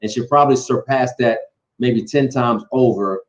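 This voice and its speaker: A man co-hosting a live talk show, rambling casually with many fillers and restarts as he gives shout-outs. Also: medium pitch, normal speed, dull audio. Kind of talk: casual chat.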